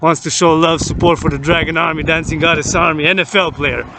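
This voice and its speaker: A man's voice: fairly high pitch, steady tone, a little fast. A man telling a rambling story outdoors as a vlogger, repeating words and lists over and over. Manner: repetitive, lists things over and over. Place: outdoors near a street with passing vehicles. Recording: loud traffic noise outdoors.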